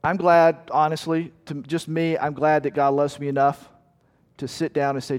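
Pastor, man, fairly high voice, earnest, emphatic, storytelling, long hall reverb. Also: little pitch movement, normal speed. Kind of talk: sermon.

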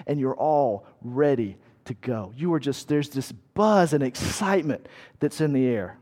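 As a sermon illustration, a man preaches through a vivid battle scene in the second person, shouting out quoted commands. His medium-pitched voice is expressive and unhurried.

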